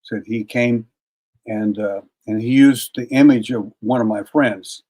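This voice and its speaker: Husky older man telling a story. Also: lowish voice, fairly even intonation, a little slow, warm tone. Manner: folksy, repeats words, clears throat between bits. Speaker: interview guest, paranormal investigator. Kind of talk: casual anecdotal storytelling.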